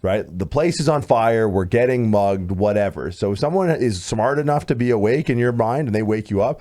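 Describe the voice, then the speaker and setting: A man in his thirties co-hosting a podcast, telling a story in casual chat, animated and swearing, acting out what others said. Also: lowish voice, fairly quick, few pauses. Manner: animated, swearing, acts out quoted voices loudly. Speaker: podcast co-host.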